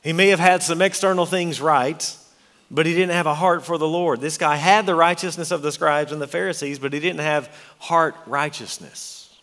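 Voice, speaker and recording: A man's voice: fairly high pitch, fairly even intonation, normal speed, fairly bright tone. A man preaching a sermon, earnest and emphatic, reading scripture aloud and explaining it. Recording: long hall reverb.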